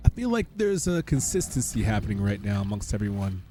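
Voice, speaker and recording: A man's voice: on the low side, very animated, fairly quick. A man streaming a game, joking casually and chatting with viewers by name. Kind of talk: casual live-stream commentary. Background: game music.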